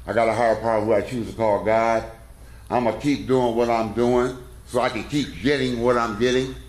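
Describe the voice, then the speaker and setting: A middle-aged man, a coach, telling a rambling, folksy, self-deprecating story to a men's conference in a church. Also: mid-range voice. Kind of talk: casual talk with a story. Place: church hall. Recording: echoey room.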